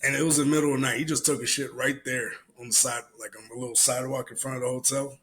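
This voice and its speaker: A man hosting a solo podcast at a middle pitch for a man. He tells loose, profane stories with plenty of energy and slips into the other people's lines as he goes. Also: brisk, rough recording. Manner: profane, animated storyteller who acts out other people's lines. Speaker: podcast host. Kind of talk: solo podcast commentary and storytelling.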